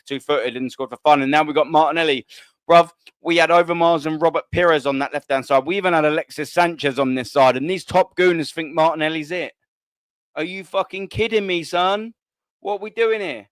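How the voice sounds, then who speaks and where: A man's voice: a little high, fairly quick, clean tone, no room sound. A man, hosting a live stream, reading viewer comments and bantering bluntly with plenty of swearing. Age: 30s. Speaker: host.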